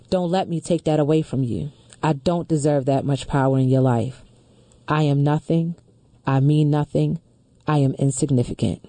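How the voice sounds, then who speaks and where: Mellow-voiced woman host reading earnestly. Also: sits low, no room sound. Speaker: radio show host. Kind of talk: reading a letter aloud, then discussion.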